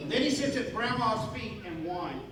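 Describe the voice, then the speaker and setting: A woman's voice: on the high side, lively intonation, normal speed, background noise. A woman narrating a comedy skit and directing the actors, with playful asides to the audience, heard from far off in a hall with a crowd. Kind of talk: reading a skit script aloud and directing actors. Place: large hall with a live audience.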